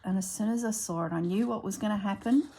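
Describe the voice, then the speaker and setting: Gravelly woman chatting while crafting. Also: medium pitch, quick pace, warm tone, slight background noise. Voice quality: chatty storyteller. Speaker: craft vlogger. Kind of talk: casual chat while crafting.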